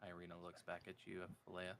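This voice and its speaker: A man narrating as game master in a tabletop game, with slow, descriptive delivery. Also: deep voice, monotone, vocal fry, a bit bright, no echo.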